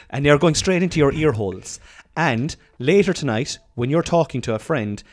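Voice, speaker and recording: A man's voice: fairly high pitch, animated, moderate pace. An Irish man hosting a podcast in casual, rambling chat, joking and swearing freely. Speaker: podcast host.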